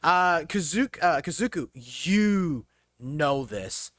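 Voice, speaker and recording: A high-pitched man runs a tabletop game, narrating in loose, rambling bursts full of "like" and laughter. The sound is dry and close, with no room around it. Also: animated, slow, fairly bright tone, dry recording. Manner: rambling, laughing, voicing NPCs with high squeals. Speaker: game master.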